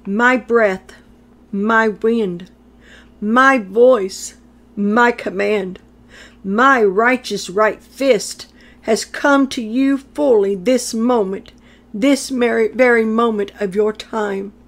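Slow, solemn woman delivering a prophecy. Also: on the high side. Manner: slow, solemn and declamatory with repeated phrases. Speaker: prophetic speaker.

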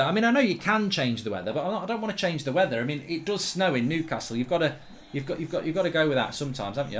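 A middle-aged man commentating on his own football video game, grumbling and swearing one moment and yelling the next. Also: mid-range voice. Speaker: gaming streamer. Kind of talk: live gameplay commentary.

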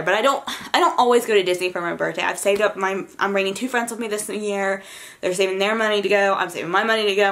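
A young woman vlogger gushing and rambling excitedly about her shopping haul, with many fillers and asides. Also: medium pitch. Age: young adult. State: college freshman. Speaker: beauty vlogger. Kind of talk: casual haul vlog.

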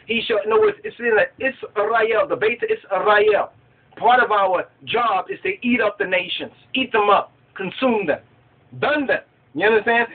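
A man's voice: high voice, moderate pace. A man leading a Bible study who reads verses aloud and keeps asking his listeners whether they understand. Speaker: scripture study teacher. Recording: tinny phone-like line.

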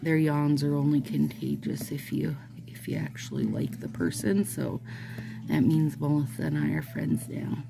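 A woman's voice: low-pitched, animated, moderate pace, gravelly. A woman vlogger chatting casually with her viewers while doing her nails, rambling in a friendly way and often calling them "you guys.". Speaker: nail art vlogger.

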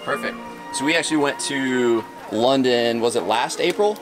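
Playful man vlogging, lively pitch. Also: normal speed, music in the background. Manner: playful, jokey. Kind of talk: casual family vlog chat.

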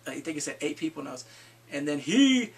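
A man casually recapping a TV episode in a vlog, excitable and profane, jumping into the characters' lines as he goes. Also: fairly high pitch, moderate pace, creaky, breathy edge. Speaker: TV episode reviewer.

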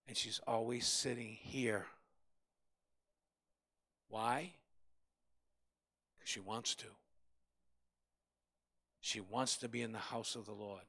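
A man's voice: mid-range voice, steady tone, slow pace, creaky, long pauses, bright, forceful tone, breathy edge. A male pastor preaching a Bible study in a fervent, emphatic way, repeating phrases for stress.

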